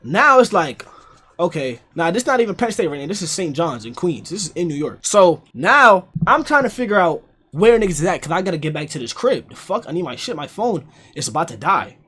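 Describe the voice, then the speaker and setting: A young man telling a story casually on a livestream, animated and profane, repeating lines for emphasis. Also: fairly high pitch, a little fast, slightly rough. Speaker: streamer.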